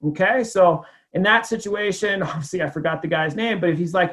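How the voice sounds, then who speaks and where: A man's voice: sits high, a little fast, a bit bright. A man giving a casual sales training talk, telling a client story in a conversational way with lots of fillers.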